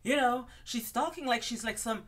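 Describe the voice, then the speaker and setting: A scornful older socialite woman speaks in a high, sneering sing-song that drips with mockery, performed by a woman telling a story. Her voice sits well above normal speech and comes out loud. It is a quick impression done within a gossip commentary. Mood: mocking.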